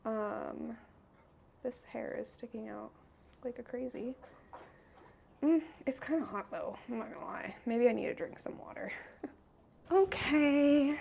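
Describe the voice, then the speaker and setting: A woman with a high voice chats casually through her day, cooing at her dogs in an unhurried way. She is recorded on a small clip-on mic, with faint outdoor ambience behind her. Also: creaky, mellow, slight background noise. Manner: chatty, coos and talks to her dogs. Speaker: vlogger, small business owner. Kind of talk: casual day-in-the-life vlog. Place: at home and out on a walk. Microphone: small clip-on microphone.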